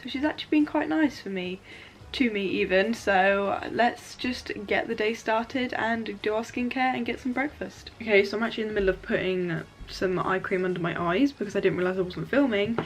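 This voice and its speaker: A woman's voice: mid-range voice, a little fast, low-quality recording. A young woman, chatting casually to camera in a vlog and using plenty of fillers. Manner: chatty, filler-heavy, lots of "literally" and "like". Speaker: vlogger.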